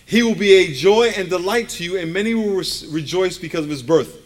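Emphatic man preaching a lively sermon. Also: sits high, fairly quick. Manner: emphatic, calls for congregation responses; conversational, with folksy asides. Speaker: pastor.

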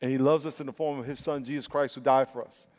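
A male pastor preaching a sermon with emphatic, drawn-out stresses and repeated words. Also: mid-range voice, steady tone, darkish tone. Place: church sanctuary. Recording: long reverb of a large hall.

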